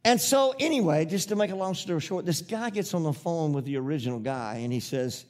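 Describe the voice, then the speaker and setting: A man's voice: on the high side, expressive, fairly quick, a little mellow. A man preaching a sermon, rambling through a story with restarts before building into emphatic, repetitive preaching.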